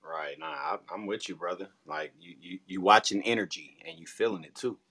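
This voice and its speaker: A male host asking his guest questions in a relaxed, friendly manner. His voice sits on the low side. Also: a little fast, slightly rough. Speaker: show host. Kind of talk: casual interview chat.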